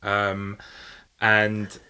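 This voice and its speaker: Rambling, swearing storyteller. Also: male voice, lowish voice, monotone, very slow, pushed and bright, clean tone. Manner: rambling storyteller, swears casually, acts out quotes. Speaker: podcast co-host. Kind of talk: casual chat.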